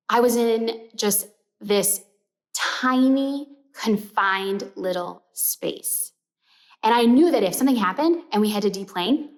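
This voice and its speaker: A young adult woman casually telling a personal story, animated, with lots of "like" fillers and dropping to a whisper for the gross parts. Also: mid-range voice. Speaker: sewing pattern company storyteller.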